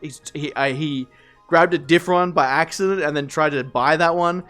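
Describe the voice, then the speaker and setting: A man streaming live, rambling through animated work stories to his chat, swearing and laughing as he goes. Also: fairly high pitch, normal speed, faint music behind.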